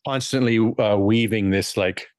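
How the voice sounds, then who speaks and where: A man's voice: lowish voice, unhurried, darkish tone, no room sound, clean studio sound. Curious, thoughtful man in podcast chat. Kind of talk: casual chat.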